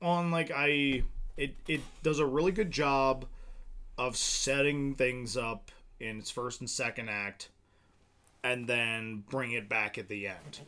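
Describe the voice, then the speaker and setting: A man's voice: medium pitch, fairly even intonation, slow, pushed and bright, smooth. Rambling man chatting about films. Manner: rambling, many fillers and restarts. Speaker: podcast co-host. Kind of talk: casual film chat.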